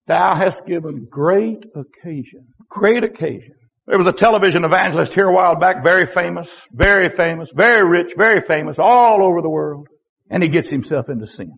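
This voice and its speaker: Give me a male preacher with a high voice, preaching with fervor and rhetorical questions. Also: animated, brisk, vocal fry, husky. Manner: impassioned, swinging between loud and hushed, rhetorical questions. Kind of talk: sermon.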